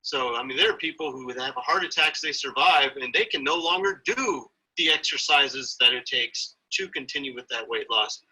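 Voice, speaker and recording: Husky-voiced earnest man, bright tone. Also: mid-range voice, lively intonation, moderate pace, few pauses, low-quality recording. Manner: earnest, motivational. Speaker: guest, father. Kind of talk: interview conversation.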